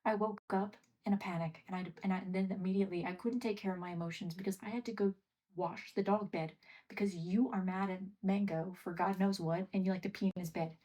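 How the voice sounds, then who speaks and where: A woman chatting casually on a livestream from her home workspace, rambling and scolding her pets with soft muttered asides. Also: medium pitch, steady tone, fast.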